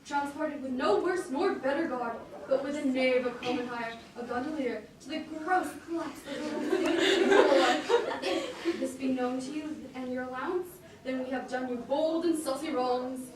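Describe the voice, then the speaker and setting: A woman acting an eager, foolish young male gentleman in an amateur stage performance, speaking urgently and pleadingly. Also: high-pitched, a little slow, crowd noise. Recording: very echoey room from far off.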